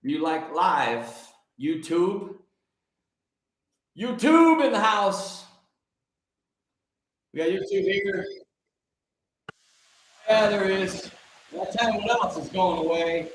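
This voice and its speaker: A man hosting a live stream like a fervent sermon, shouting and firing rhetorical questions at his viewers. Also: sits high, lively intonation, slow, pauses often, echoey room, a little hiss or hum, low-quality recording. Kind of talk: fiery preacher-style live stream.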